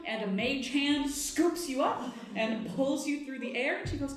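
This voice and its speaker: A woman's voice: on the high side, a little slow. A woman running a live tabletop improv game as dungeon master, vividly narrating scenes. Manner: lively, vivid scene-setting. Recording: echoey live theatre.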